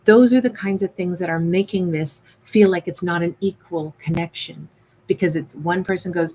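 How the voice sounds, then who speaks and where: Woman, tarot reader, casual rambling chat, lower voice, faint background noise. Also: steady tone, normal speed, warm tone, low-quality recording. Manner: chatty, acts out quoted lines. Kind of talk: casual tarot reading monologue.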